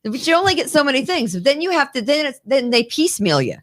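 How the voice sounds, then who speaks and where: A woman's voice: high voice, sing-song, fast, a bit bright. Chatty woman host on a daily show, laughs alot, casual talk. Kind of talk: casual studio chat.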